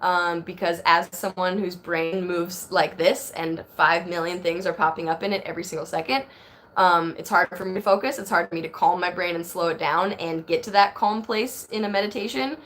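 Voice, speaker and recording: Her voice sits on the low side, slightly bright, at an ordinary speed. The thirty-something host rambles casually on a phone live stream, reading her viewers' comments out loud.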